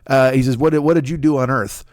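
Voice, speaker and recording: A man's voice: mid-range voice, steady tone, quick pace, a little mellow, dry recording, clean studio sound. A middle-aged man hosting a solo comedy podcast, rambling profanely and acting out bits in put-on voices.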